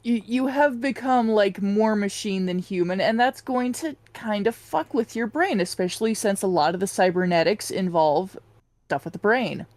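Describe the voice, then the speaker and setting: A woman's voice: medium pitch, normal speed, darkish tone, dry recording. A woman co-hosting a podcast in casual chat, laid-back, with short agreements and dry humor. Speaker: podcast co-host.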